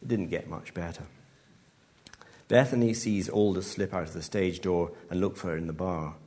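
A man reads his own short story to a live audience. His delivery is measured and dry, and his voice sits on the low side. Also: steady tone, a little mellow. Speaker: author. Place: live event venue.

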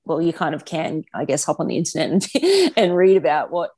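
A woman in her thirties speaks as a podcast guest, her voice sitting a little low. She talks in a relaxed, candid way, with plenty of fillers and restarts. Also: fairly quick, husky. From Australia. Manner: chatty, frank, many "like" fillers. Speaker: guest, professional triathlete and mother. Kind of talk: casual podcast conversation.

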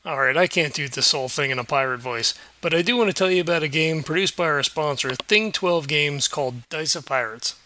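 A man hosting a tabletop gaming show talks in a casual, upbeat way, now and then jumping up in pitch. His voice sits a touch high and comes across bright and forceful. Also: brisk, few pauses, a little hiss or hum. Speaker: host. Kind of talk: sponsor read and casual game chat.

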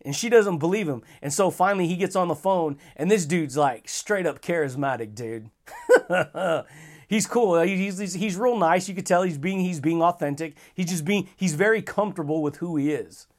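High-voiced, slangy motivational man. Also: a little fast, few pauses. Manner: casual, slangy and enthusiastic, with frequent chuckles. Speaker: podcast host. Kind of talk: motivational podcast monologue.

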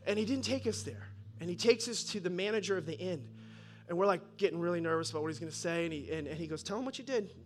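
A man in his fifties, a pastor telling a lively sermon story with excited bursts and laughs. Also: a little high, fast talker, a little hiss or hum. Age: 50s. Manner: animated, bursts of excited laughter and loud peaks. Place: church.

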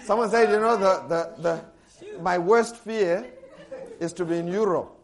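Animated high-voiced male preacher. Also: measured pace, a faint crowd. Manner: animated, bursts loud and high on quotes, laughs often. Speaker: pastor. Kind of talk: sermon.

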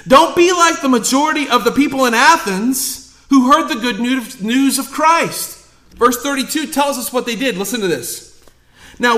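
A young man preaching a sermon as pastor, emphatic, dropping to hushed asides and rising to loud appeals. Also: very high-pitched, reverberant. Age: young adult. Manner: emphatic, swings between hushed asides and raised exhortation. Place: church sanctuary.

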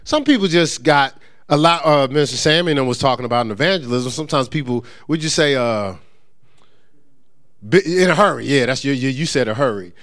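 A male pastor preaching a conversational sermon, joking with the congregation and stumbling into quick repeats and restarts. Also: medium pitch. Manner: lively, joking asides to the congregation.

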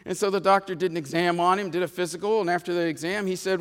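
A man's voice: high voice, steady tone, quick pace, few pauses, fairly bright tone, in a large hall. A man preaching a sermon as pastor, telling a story and stretching out key phrases for emphasis, often repeating himself. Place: church sanctuary.

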